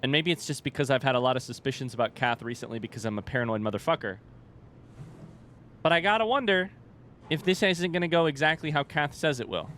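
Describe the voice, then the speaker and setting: Excitable, swearing gamer man. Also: medium pitch, fast, slight background noise. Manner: excitable, rambling and swearing, jokey. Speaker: let's-play gamer. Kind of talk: casual, unscripted game commentary.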